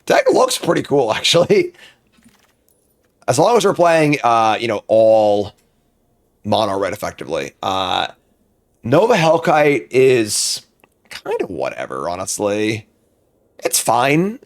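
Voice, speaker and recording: His medium-pitched voice swoops wildly as this man streams a card game draft. Talking casually to himself, he mutters over every pick and flares up in brief bursts of frustration.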